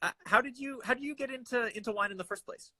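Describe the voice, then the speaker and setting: Bright-voiced man hosting an interview. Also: very high voice, fast talker. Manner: brief, easygoing prompts with laughs. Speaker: host. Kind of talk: casual interview questions. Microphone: video call.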